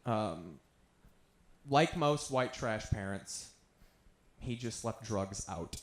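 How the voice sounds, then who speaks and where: A man's voice: on the low side, lively intonation, takes it slowly, roomy sound, slight background noise. A man in his thirties doing stand-up, telling stories about himself in an offhand, self-mocking way. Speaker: stand-up comedian. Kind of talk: stand-up storytelling.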